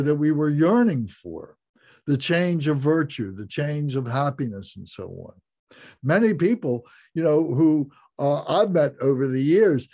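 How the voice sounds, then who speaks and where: A man giving a Buddhist class talk, explaining slowly and reflectively, repeating phrases and restarting. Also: fairly high pitch, mellow, husky. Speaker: Buddhist teacher.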